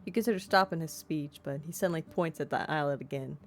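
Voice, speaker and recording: A woman's voice: sits low, fast talker, hardly any pauses, soft background music. A woman streamer narrating a video game, reading its text aloud and breaking off into self-deprecating asides. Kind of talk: let's-play narration and commentary.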